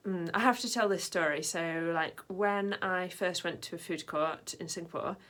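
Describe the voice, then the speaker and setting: A woman's voice: on the low side, moderate pace, a bit bright. A woman vlogging in a casual, rambling way, full of fillers and side tangents. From Britain. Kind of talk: casual chat to camera.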